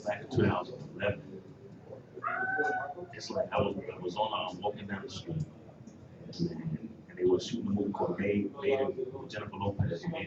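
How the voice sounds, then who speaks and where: A man's voice: fairly low pitch, very noisy. A man telling his story in a casual, emphatic, rambling way, full of determination. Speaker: guest. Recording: echoey, distant, dull live stream with loud crowd.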